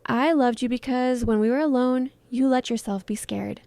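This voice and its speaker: A woman voicing a soft, pleading heartbroken star. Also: on the high side, steady tone, normal speed, gravelly, no echo. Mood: tender. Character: heartbroken film star woman in her thirties, tender and pleading. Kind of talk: dramatized story reading.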